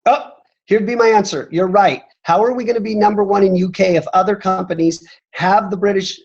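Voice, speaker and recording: Male executive, insistent and motivational, slightly husky voice over dull call audio. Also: sits high, fairly even intonation, a little fast, darkish tone. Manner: emphatic, repeats "I'm telling you". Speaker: company executive answering questions. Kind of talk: motivational talk on a training call.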